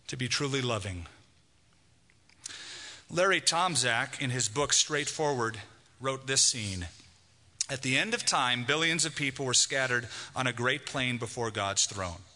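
In a large hall, a male pastor preaches a sermon and reads a passage aloud with emphasis. His voice is medium in pitch, bright and forceful.

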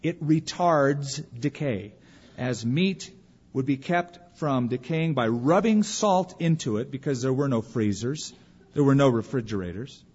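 A man preaching a sermon as pastor, emphatic, slowing for weight and dropping to a hush at the ends of phrases. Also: medium pitch, expressive, breathy edge. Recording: dull lo-fi recording.

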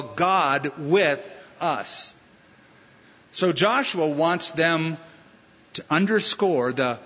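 A man preaching a sermon as a pastor, animated, with mocking asides and acted quotes. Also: fairly high pitch. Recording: long-reverb hall, dull lo-fi sound.

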